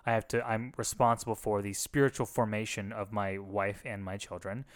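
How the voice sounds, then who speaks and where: A man's voice: on the low side, little pitch movement, brisk. Man, casual conversation, candid and reflective, restarts often, former pastor. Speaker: podcast co-host, former pastor.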